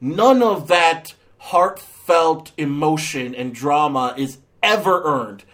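A man rants through a casual movie review in a somewhat high voice. He is sarcastic and blunt, stumbling through fillers and restarts as he goes. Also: lively intonation, slow pace, fairly bright tone.

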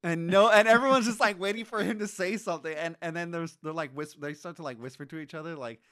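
A man in casual movie chat, animated and ranting, swearing freely. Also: on the high side, fast, clean tone.

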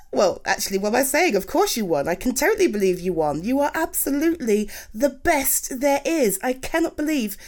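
A woman performing a romantic comfort audio roleplay, gushing and reassuring as she speaks to an unseen partner. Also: sits high. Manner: slow, lively, swooping speech.

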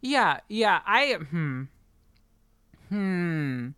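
Woman, podcast co-host, lowish smooth voice, dry close sound, chatty. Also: very animated, drawn-out words, a bit bright, no echo. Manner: enthusiastic, chatty, swears, trails off and restarts. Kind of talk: casual book discussion podcast.

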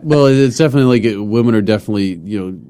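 Low-voiced young man, loose and chatty. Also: very fast, dark tone, clean tone. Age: 20s. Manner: loose and chatty, many restarts and fillers. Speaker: guest comedian and personal trainer. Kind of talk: casual podcast conversation. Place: studio.

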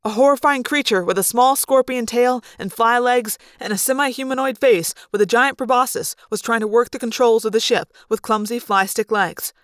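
A woman reading a novel aloud in an expressive first-person narration. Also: a little high, normal speed, few pauses, no room sound, studio quality. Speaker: audiobook reader. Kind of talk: fan read-aloud narration.

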